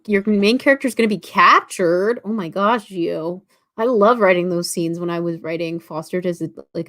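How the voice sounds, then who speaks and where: A young woman from Toronto with a Canadian accent, hosting a casual writing livestream, chatty and full of fillers as she reads viewer comments aloud. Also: medium pitch. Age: about 19.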